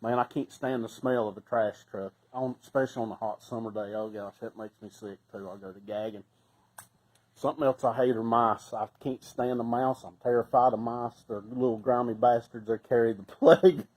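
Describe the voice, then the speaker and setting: A middle-aged man with a Southern Appalachian accent, telling casual stories in a folksy way, laughing often and sometimes breaking into loud shouts. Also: mid-range voice, steady tone, brisk, low-quality recording. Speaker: storyteller. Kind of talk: casual storytelling.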